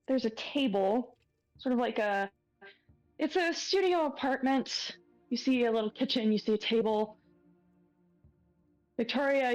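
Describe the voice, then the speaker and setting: A woman running a tabletop horror game as game master, setting each scene in a slow, measured way. Her voice sits a little high. The recording is dry, with faint music behind her. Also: a little mellow, no echo, muffled recording. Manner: unhurried, describing scenes with pauses and fillers.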